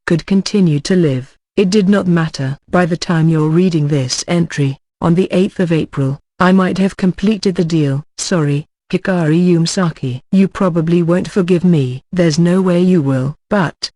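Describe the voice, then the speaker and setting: A text-to-speech voice reading an audiobook in an even machine delivery that stumbles over names and reads punctuation aloud. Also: mid-range voice, no room sound. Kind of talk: scripted audiobook narration.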